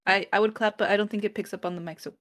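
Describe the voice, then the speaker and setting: A woman's voice: mid-range voice, fairly even intonation, racing, fairly bright tone. A woman co-hosting a casual podcast chat, chatty and giggly, sometimes losing her words. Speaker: podcast co-host.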